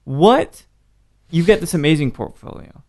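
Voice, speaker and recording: A man's voice: on the high side, animated, a little slow, a little mellow. A man hosting a podcast, enthusiastic and chatty, who swears casually. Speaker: podcast host. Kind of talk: casual chat.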